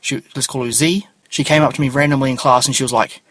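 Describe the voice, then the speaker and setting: A man's voice: medium pitch, steady tone, fast, a bit bright, no room sound. Swearing, rambling New man. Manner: rambling, swears freely, offhand. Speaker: podcast host. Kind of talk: casual solo podcast chat.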